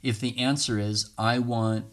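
A man giving casual advice on difficult conversations, acting out both sides in shifting voices and laughing often. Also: measured pace. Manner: animated, acts out both sides of arguments with pitch jumps, laughs often. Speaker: speaker giving relationship communication advice. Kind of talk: casual spoken advice monologue.

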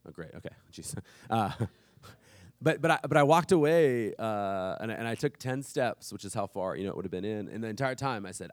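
A man's voice: lowish voice, expressive, normal speed, dry recording, studio quality. A man in his thirties preaching a sermon, telling a family story casually and with humor. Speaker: pastor.

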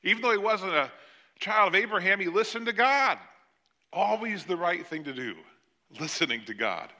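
A man's voice: sits high, lively intonation, moderate pace, bright, forceful tone. An older man preaching a sermon, retelling a scripture story in a conversational way with joking asides. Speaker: pastor.

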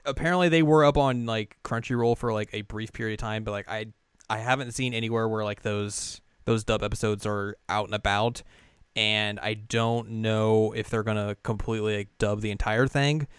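A man co-hosting a podcast, explaining things in a laid-back, halting way full of fillers. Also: fairly low pitch, steady tone, smooth, dry recording, clean studio sound. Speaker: podcast co-host. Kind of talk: casual chat.

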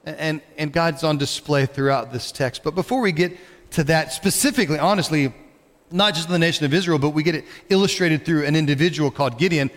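A male pastor delivers a sermon in a church sanctuary, his slightly high voice carrying a long hall reverb. He talks in a conversational way and tosses questions out to the congregation. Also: brisk.

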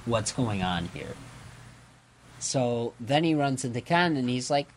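Slow-talking rambling male podcast co-host. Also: medium pitch, lively intonation. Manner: rambling with frequent fillers and self-corrections; acts out characters' lines. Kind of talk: casual chat recapping a comic.

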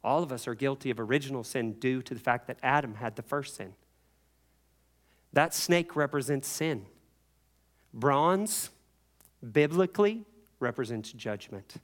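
A man preaching a sermon, telling the story with animated voices for the people in it. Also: mid-range voice, measured pace, pauses often.

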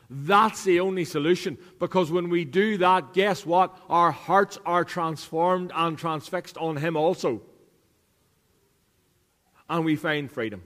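A man's voice: fairly high pitch, a little slow, fairly bright tone. Earnest man preaching in an echoing hall. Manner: earnest preaching, repeats lines for emphasis. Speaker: pastor. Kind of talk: sermon. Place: church.

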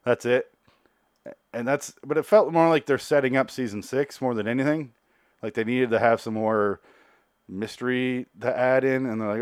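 A man's voice: mid-range voice, steady tone, moderate pace, clear, resonant tone, no echo, clean studio sound. A man giving a casual, rambling, sarcastic TV episode recap and swearing freely. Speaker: TV recap host.

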